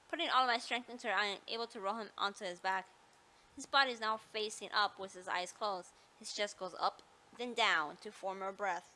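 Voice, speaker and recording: A woman's voice: mid-range voice, bright, forceful tone. A woman playing a visual novel, reading the story aloud and breaking off with apologetic, joking asides. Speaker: video game player.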